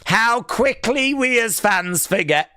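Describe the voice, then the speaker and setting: A man hosts a live wrestling watch-along, calling the action with sarcastic, teasing remarks. His voice sits fairly high and bright, and he speaks at an unhurried pace. The sound is close and dry. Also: animated, smooth, no echo. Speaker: live stream host.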